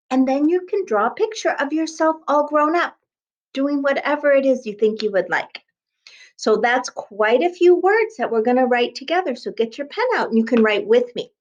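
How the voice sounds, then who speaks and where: A woman teaching a kindergarten class by video, speaking slowly in a sing-song way and sounding out words letter by letter. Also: high-pitched, lo-fi sound. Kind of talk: remote lesson for young children.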